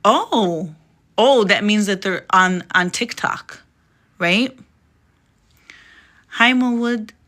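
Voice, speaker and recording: A woman's voice: medium pitch, lively intonation, extremely slow, long pauses, a bit bright. A young woman chatting on a phone live stream, rambling and laughing often, and reading her own poem.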